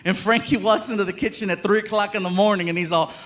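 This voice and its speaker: Animated high-voiced male stand-up comic. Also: fast talker. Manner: animated, laughing, acting out voices. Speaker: stand-up comedian. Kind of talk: stand-up comedy storytelling. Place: live comedy venue with audience.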